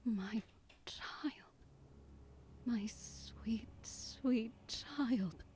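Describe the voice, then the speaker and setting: A woman voicing a gentle, motherly goddess in whispered role-play, hushed and soothing. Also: a little high, drawn-out words, voice pushed up. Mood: sorrowful.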